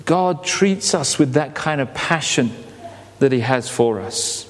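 A man preaching a sermon as a pastor, animated, asking rhetorical questions and repeating words as he goes. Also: mid-range voice, takes it slowly, in a large hall.

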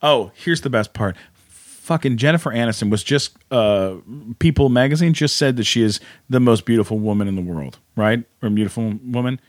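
A man, a podcast guest in casual chat, retelling something with animated, incredulous energy and quick asides. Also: mid-range voice.

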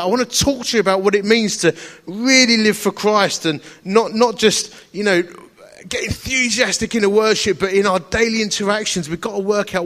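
Casting: middle-aged man, high voice, slight lisp, enthusiastic storytelling preacher. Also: fairly bright tone. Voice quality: slight lisp on some words. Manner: storytelling, enthusiastic, chatty with laughs. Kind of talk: sermon.

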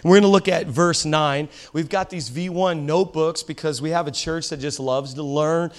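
A man preaching as a pastor to a live congregation, telling stories in an animated way and acting out quotes. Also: on the high side, normal speed. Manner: animated storytelling with laughs and acted-out quotes. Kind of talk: sermon. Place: church service with a live audience.

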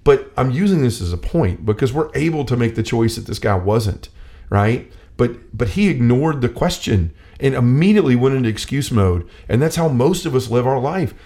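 A man talks through scripture in a relaxed faith discussion. His voice sits in a middle range. He is earnest and personal, trips over his words and restarts, and acts out the lines he quotes. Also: medium pitch, normal speed. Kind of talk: casual Bible discussion.

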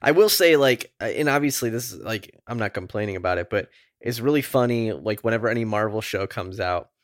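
A man's voice: on the low side, expressive, brisk, no echo, clean studio sound. A man co-hosting a podcast in a casual chat, rambling and laid-back with lots of fillers. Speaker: podcast co-host.

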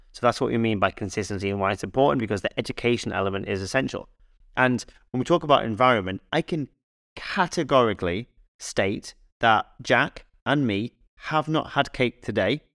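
A male fitness coach co-hosting a casual podcast, chatting in an animated, rambling way full of anecdotes and restarts. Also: fairly low pitch, no room sound, clean studio sound.

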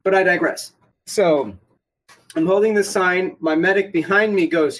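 A man's voice: sits high, measured pace, fairly bright tone, poor audio. A man casually telling a rambling, profane story about getting shot at an airsoft game. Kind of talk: casual podcast chat.

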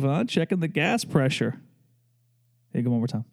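A man's voice: mid-range voice, sing-song, moderate pace, creaky, darkish tone. A young man hosting a podcast, chatting loosely and joking, with many fillers and tangents. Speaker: podcast host. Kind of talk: casual chat.

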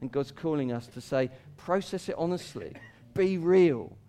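A man preaching a sermon as pastor, talking casually with laughs between points, rising for quoted cries and dropping low and quiet for scripture. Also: animated, normal speed.

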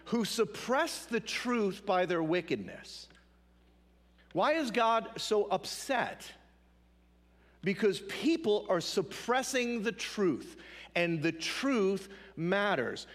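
Male preacher with a high, expressive voice, stressing key lines in a sermon. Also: in a large hall. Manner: emphatic, repeats key phrases, drops to hushed asides. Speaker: pastor.

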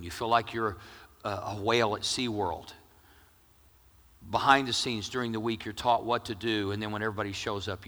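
A middle-aged male pastor preaching with jokes, swinging between loud emphasis and hushed near-whispers. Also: on the low side, big-room sound. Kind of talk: sermon.

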